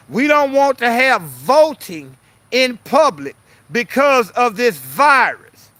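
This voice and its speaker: A man's voice: very high-pitched, bright, forceful tone. A man ranting bluntly and profanely as a political commentary vlogger, repeating himself to press his point.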